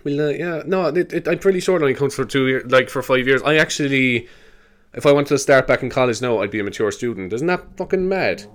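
A man's voice: mid-range voice, expressive. An Irish man in his twenties hosting a casual solo podcast, rambling from one thought to the next, swearing freely and laughing often. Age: 20s. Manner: rambling, sweary, quick to laugh, with many fillers. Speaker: podcast host.

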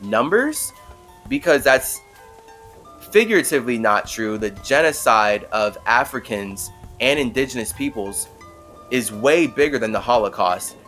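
A man's voice: mid-range voice, moderate pace, fairly bright tone, faint music behind. A man hosting a podcast, telling a story in a rambling, casual way full of "like" fillers. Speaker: podcast host.

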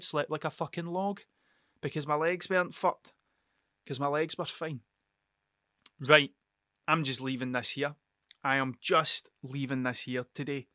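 A man's voice: mid-range voice, bright, forceful tone, no echo, studio quality. A young man hosting a solo podcast, telling stories in a rambling, sweary, self-interrupting way. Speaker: podcast host. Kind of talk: casual solo podcast storytelling.

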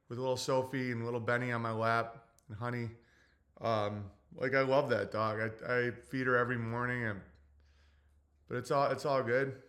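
A man in his forties talks on his livestream with a bright, forward tone, tearful and halting. His speech stumbles through fillers and restarts, and he swears bluntly as he reads chat. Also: medium pitch. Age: 40s. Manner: profane and blunt. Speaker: livestream host. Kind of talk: casual livestream talk reading chat.

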